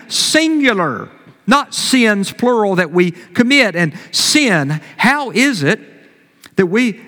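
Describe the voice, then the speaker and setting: High-voiced preacher in a reverberant hall. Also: male voice, bright, forceful tone. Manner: emphatic preaching, stressing key words and repeating phrases. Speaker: pastor. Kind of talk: sermon.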